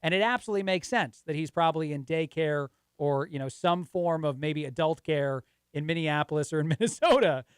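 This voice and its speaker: A man's voice: fairly high pitch, animated, fairly quick, hardly any pauses, clear, resonant tone, no echo, clean studio sound. A man guest-hosting talk radio, casual and rambling, laughing easily.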